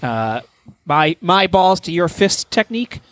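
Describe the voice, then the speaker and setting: A man's voice: sits high, measured pace, no echo. A man chatting casually on a podcast, rambling and swearing freely as he tells a story. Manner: rambling, profane, animated storytelling. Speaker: podcast host. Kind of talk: casual chat.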